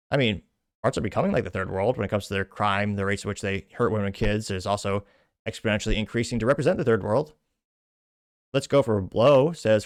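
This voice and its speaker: A man's voice: on the low side, no echo. Dry-sounding male political show host. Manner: reads posts aloud with like counts, then opinionated asides. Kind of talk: political commentary reading social media posts.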